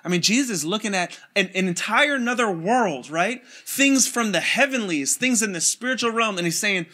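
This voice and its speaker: A man with a high, bright voice preaching an online sermon. He reads scripture with energy, slipping into casual slang and light chuckles between verses. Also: expressive, moderate pace, few pauses. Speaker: pastor.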